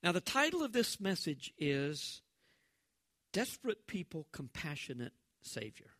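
A male pastor delivers a sermon in a high, bright voice. He talks to the congregation like a conversation and lively acts out the voices he quotes. The sound is close and dry. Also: unhurried, no echo.

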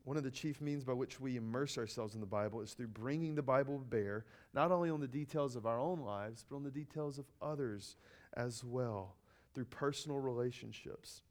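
A man giving an earnest sermon-style teaching, often repeating key phrases and pausing with ums and uhs. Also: medium pitch.

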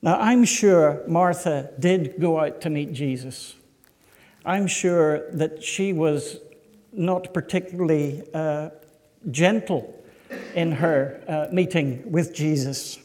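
A man pastor preaching a sermon, slow and emphatic, putting rhetorical questions to his congregation. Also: on the high side, a little mellow. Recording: echoey hall.

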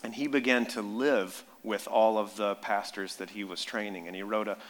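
A man in his thirties preaching a sermon, telling stories in an animated way and rising to loud emphasis. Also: on the low side, normal speed. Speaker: pastor. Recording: long reverb of a large hall.

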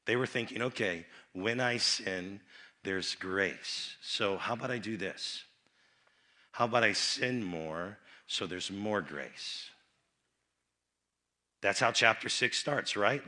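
Man, preacher, youth rally sermon, bright tone, quiet to loud swings, repeats words. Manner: swings from low, quiet asides to loud emphatic bursts; repeats words and restarts phrases.

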